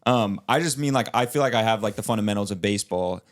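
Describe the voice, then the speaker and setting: Speaking quickly in a lowish voice, this young man co-hosts a podcast and chats casually. He rambles, restarts, leans on filler likes, and laughs a lot.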